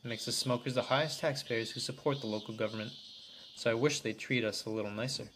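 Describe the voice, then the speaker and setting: A man reads a detective tale aloud in an even, unhurried voice with very little rise and fall. Crickets chirp faintly in the background of his recording. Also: mid-range voice, noisy background. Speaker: narrator and reader of all parts. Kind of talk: amateur audiobook reading of a translated visual novel.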